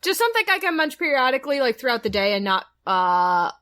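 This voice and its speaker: Woman, casual podcast chat, giggly, very animated pitch. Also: quick pace. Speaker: podcast co-host.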